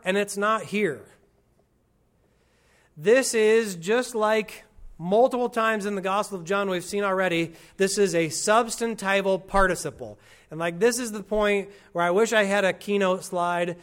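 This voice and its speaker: A pastor giving an expository sermon, teaching in a conversational way with wry asides and slowing down to stress key phrases. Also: male voice, high voice, fairly bright tone.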